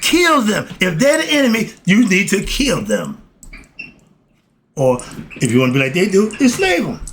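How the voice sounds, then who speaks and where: A man talks through a list of philosophical principles in blunt, informal street speech. His voice sits a bit high and swings widely as he gets worked up. A faint hiss runs underneath. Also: moderate pace, low-quality recording. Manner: animated, street talk, bursts into shouting then apologizes. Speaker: host. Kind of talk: casual spoken commentary on philosophy.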